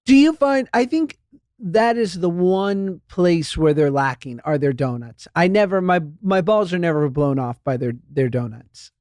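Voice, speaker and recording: A man's voice: fairly high pitch, animated, unhurried, a little mellow, no echo, clean studio sound. A man hosting a podcast in casual chat, playful and rambling with lots of fillers. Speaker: podcast host.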